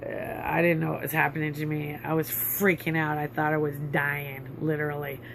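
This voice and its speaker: Bright sharp voice, vlogger rambling thru an old grudge, bitter and worked up, lots of ums, faint hiss behind. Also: medium pitch, flat delivery, normal speed, gravelly. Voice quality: bitter, indignant, with many fillers. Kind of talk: rambling personal storytelling.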